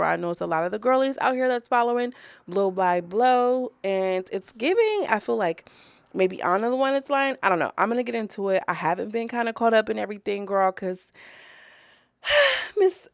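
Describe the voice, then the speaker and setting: A woman's voice: mid-range voice, gravelly, a bit bright, no room sound. A woman reviewing a reality show episode in a casual vlog, chatty, rambling and profane as she talks straight to her viewers.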